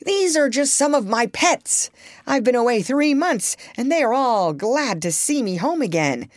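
A woman's voice: on the low side, sing-song, normal speed, no echo, studio quality. A woman voicing a kind, bustling little man, a country doctor who talks in cheery, eager exclamations. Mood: reassuring.

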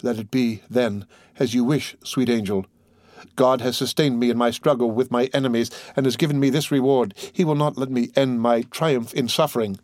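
A man voicing a brooding noble count, speaking in a solemn, measured way in an audiobook. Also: medium pitch, steady tone, a little mellow, dry recording, clean studio sound, close to an everyday voice.

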